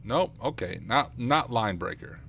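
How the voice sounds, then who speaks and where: A young man streaming live at night and thinking aloud as he works, chatty and self-deprecating with viewers, his voice getting rough. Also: mid-range voice, expressive, measured pace, pushed and bright, a little hiss or hum. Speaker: streamer, penetration tester. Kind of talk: casual live-stream talk while working. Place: home computer room at night.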